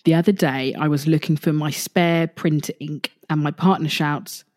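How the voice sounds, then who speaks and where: A young woman with a low voice hosts a casual solo podcast. She talks in a loose, chatty way, doubling back over her words and swearing freely as she goes. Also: steady tone, moderate pace, darkish tone. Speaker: podcast host.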